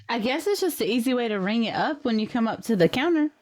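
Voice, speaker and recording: A woman's voice: fairly high pitch, lively intonation, fast, darkish tone. A woman co-hosting a podcast, giving short reactions from off the mic. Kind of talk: casual podcast chat.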